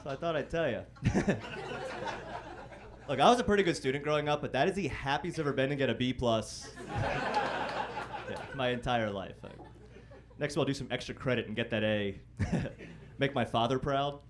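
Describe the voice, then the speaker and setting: A young man works a comedy club stage with a wry, self-deprecating delivery. His voice sits at an everyday middle pitch, and now and then he jumps into loud mock-singing or shouted impressions. A faint murmur of the club hangs behind him. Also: moderate pace, long pauses, noisy background. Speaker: stand-up comedian. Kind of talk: stand-up set. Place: comedy club stage before a live audience.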